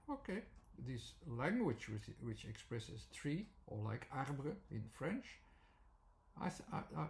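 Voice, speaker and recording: A man talks through an explanation in an unscripted, halting way, full of fillers and restarts. His voice sits at an ordinary middle pitch with a gravelly, fry-tinged edge. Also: a little mellow, slight background noise. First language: Dutch. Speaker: teacher.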